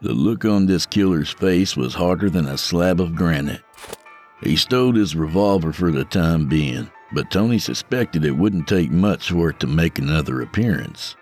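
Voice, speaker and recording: A man with a deep, low voice narrates a scripted story with dramatic, measured delivery. His tone moves with lively swings in pitch, and soft music plays behind.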